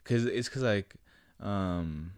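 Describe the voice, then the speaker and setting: A man's voice: on the low side, takes it slowly, darkish tone, no echo. A young man chatting casually with a friend in loose slangy talk, full of fillers. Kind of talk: casual chat.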